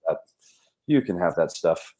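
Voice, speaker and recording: A man with a fairly low voice chats casually as a podcast guest. He talks in an animated way, often slipping into little acted-out quotes of himself. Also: unhurried. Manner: animated, acts out his own quotes. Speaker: guest actor.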